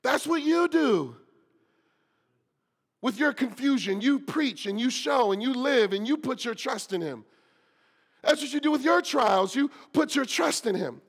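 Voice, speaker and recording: High-voiced impassioned male preacher. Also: very animated, breathy edge. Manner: impassioned preaching, then hushed prayer; repeats lines with emphatic slowing. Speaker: pastor. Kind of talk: sermon with closing prayer.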